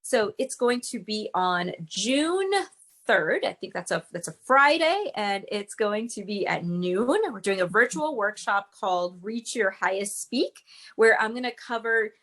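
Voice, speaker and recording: A woman's voice: mid-range voice, lively intonation, a little slow, a bit bright. A woman speaking as a guest, a public speaking coach explaining with emphatic, teacherly energy. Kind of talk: interview guest.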